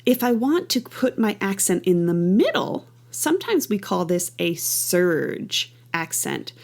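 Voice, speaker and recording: A woman's voice: medium pitch, very animated, unhurried, gravelly, a little mellow. A middle-aged woman teaching a movement class with enthusiasm, counting beats and making playful rhythmic sounds. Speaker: dance teacher.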